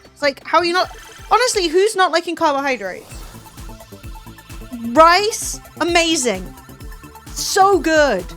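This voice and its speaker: A young woman chatting casually with her livestream viewers, animated and swearing freely. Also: very high-pitched, slow pace, long pauses, faint music behind. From Southern Italian family. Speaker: streamer.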